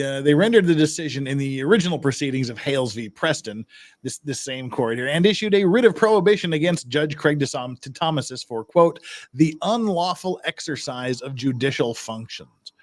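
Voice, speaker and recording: A man's voice: fairly high pitch, expressive, normal speed, no echo. A man co-hosting a casual legal talk show, reading court filings aloud and adding dry, jokey asides. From Utah. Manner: dry, jokey asides between read passages. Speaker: podcast co-host.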